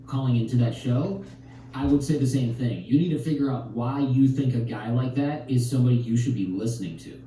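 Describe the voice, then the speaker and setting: A man with a very dark, mellow voice talks through relationship stories and acts out the lines of the people in them. He sounds set back from the mic in a very echoey space. A faint ambience sits behind him. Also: medium pitch, brisk, distant mic, a little hiss or hum. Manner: animated storytelling, acts out quotes. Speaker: podcast guest. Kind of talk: podcast conversation.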